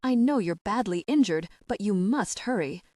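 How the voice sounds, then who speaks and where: A woman voicing an anxious, impatient serving woman who speaks in an urgent, hushed way in an audiobook. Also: medium pitch, lively intonation, moderate pace, no echo, clean studio sound, lightly acted.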